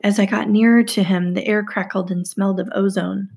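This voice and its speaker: Woman narrator, husky, some fry, steady first-person storytelling. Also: medium pitch, a little fast. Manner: steady storytelling, hushed asides. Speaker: audiobook narrator. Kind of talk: first-person novel reading.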